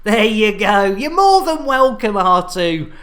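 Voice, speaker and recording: A man's voice: high-pitched, very animated, slow pace, a bit bright. An English man streaming a space game live, chatting and joking with viewers as he reads their messages. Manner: jokey, chatty, banter with viewers.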